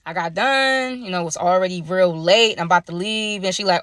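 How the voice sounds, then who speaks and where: A woman's voice: medium pitch, sing-song, quick pace, a bit bright, no echo, studio quality. A young woman telling a story to camera in a slangy, gossipy way, talking straight to her viewers on a phone at arm's length. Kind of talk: casual story time to camera.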